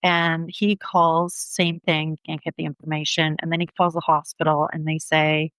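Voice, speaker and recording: A middle-aged woman telling her personal story in an interview, earnest and steady, often acting out the back-and-forth of conversations. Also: low voice, clear, resonant tone, no echo, rough recording. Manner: earnest, reenacts dialogue in quick back-and-forth. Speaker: guest, bereaved mother.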